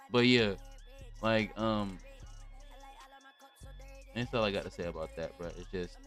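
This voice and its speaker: A man's voice: on the low side, measured pace, pauses often, fairly bright tone, soft background music. A young man hosting a casual livestream podcast, rambling in a blunt, profane rant. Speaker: podcast host.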